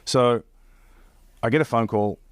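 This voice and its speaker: A man telling stories about his caddying career in a casual chat. He rambles, repeats himself and acts out phone calls in quick bursts. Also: medium pitch, clear, resonant tone, dry recording.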